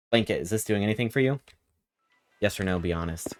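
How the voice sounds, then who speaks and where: A woman's voice: a bass voice, fast talker, pauses often, no echo. A woman streaming a game, chatting casually and joking with her viewers. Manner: joking, chatty, reacting to chat. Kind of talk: casual live-stream chat. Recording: game music playing behind.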